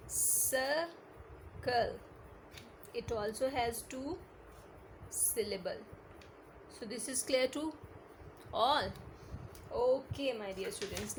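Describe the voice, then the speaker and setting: A woman teacher giving a patient online lesson, often checking if it is clear and mixing in Hindi-Urdu phrases. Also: a little high, a little hiss or hum.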